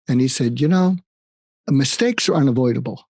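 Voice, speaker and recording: A man's voice: mid-range voice, moderate pace, a little mellow, breathy edge, dry recording, clean studio sound. An older man speaking as a psychiatrist guest in an interview, earnest and emphatic, telling stories and repeating phrases for weight. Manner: earnest, storytelling, emphatic with repetition. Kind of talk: conversational interview advice.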